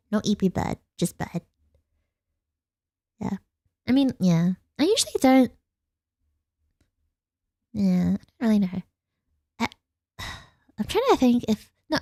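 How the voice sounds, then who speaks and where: A young woman with an Australian accent chats casually with her viewers late at night, rambling and laughing often. Her voice is mellow and soft-edged. The sound is dry and close, with no room around it. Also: a little high, vocal fry, dry recording. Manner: giggly and rambling, reads chat aloud. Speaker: vtuber streamer.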